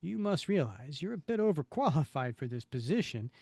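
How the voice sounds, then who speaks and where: A man reads as a respectable middle-aged store manager who interviews a job applicant. He speaks in a formal, fatherly, measured way, and his pitch moves a lot. The recording is dry. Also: big pitch swings, vocal fry, mellow, slightly rough, no room sound, exaggerated voice.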